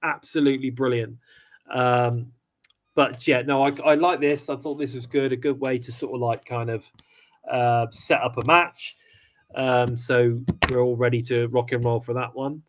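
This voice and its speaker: A man's voice: mid-range voice, steady tone, normal speed, slight background noise, low-quality recording. A man co-hosting a wrestling review podcast, chatting casually and rambling with many restarts. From United Kingdom. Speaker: podcast co-host.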